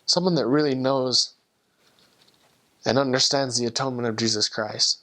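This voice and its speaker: A man's voice: medium pitch, steady tone, moderate pace, pushed and bright. A young man, a former missionary, earnestly tells a personal conversion story and acts out the voices of the people in it. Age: young adult. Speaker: returned missionary.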